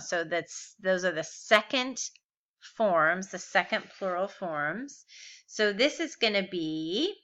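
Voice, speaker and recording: A woman teaches Biblical Hebrew in a recorded grammar lesson, patiently working through verb forms step by step and posing rhetorical questions. Her voice is fairly low with a sharp tone, and the recording sounds muffled.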